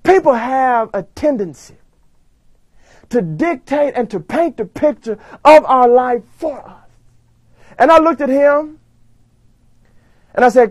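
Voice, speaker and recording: A man giving a motivational speech, telling his story dramatically and swinging from loud bursts to hushed lines. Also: very high voice, lively intonation, slow, long pauses, no echo. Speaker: motivational speaker.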